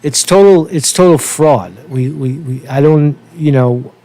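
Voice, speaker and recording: A man's voice: on the high side, a little slow, mellow. A man ranting angrily about politics, swearing often and repeating himself. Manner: profane, heated, repeats himself. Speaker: political commentary vlogger. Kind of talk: angry political rant.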